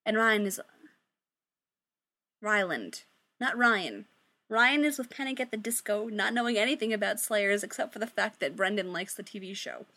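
A woman's voice: medium pitch, normal speed, pushed and bright. A woman reading a story aloud in a chatty way, swearing and breaking off for joking asides. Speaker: story reader. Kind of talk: reading fan fiction aloud.

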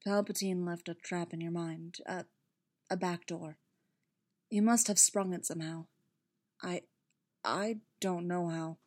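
Woman reader voicing a soft-spoken weary male Jedi, hushed, low, halting. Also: fairly even intonation, dry recording. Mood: hushed, gentle. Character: man, a weary gentle Jedi knight.

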